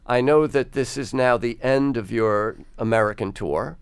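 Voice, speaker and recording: A man hosting a radio music program. He interviews a band and closes the show in a measured, deliberate announcer's way. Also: medium pitch, clear, resonant tone, dry recording. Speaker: radio host. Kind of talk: broadcast interview and sign-off. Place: radio studio. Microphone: studio microphone.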